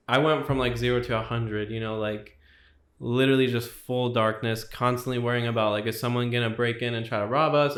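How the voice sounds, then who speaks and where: A man's voice: medium pitch, fairly bright tone. Young man telling his testimony, echoey room. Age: young adult. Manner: casual, filler-heavy storytelling with many likes. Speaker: guest. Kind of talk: personal testimony in casual chat.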